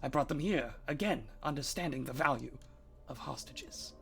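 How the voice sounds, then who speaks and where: A man voicing a proud female kobold dragon mage who speaks formally, with a gravelly voice. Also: mid-range voice, normal speed, a bit bright, faint music behind. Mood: pleading, formal.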